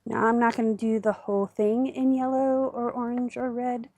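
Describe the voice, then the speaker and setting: A woman's voice: a little high, level tone, normal speed, a little mellow, no echo. A woman hosting a crafting livestream, chatting casually and thinking aloud with fillers as she works.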